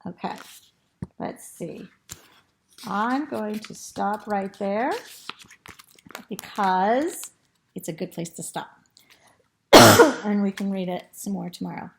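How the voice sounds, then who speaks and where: A woman with a throat tickle reading a storybook aloud to children, pausing to point at pictures and ask them questions. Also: medium pitch, animated, creaky, a little hiss or hum.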